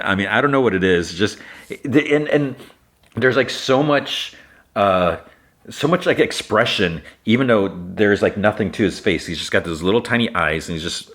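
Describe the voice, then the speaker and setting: A podcast host casually retelling an episode scene by scene, in a loose style full of "like" and restarts. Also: male voice, low voice, fairly bright tone.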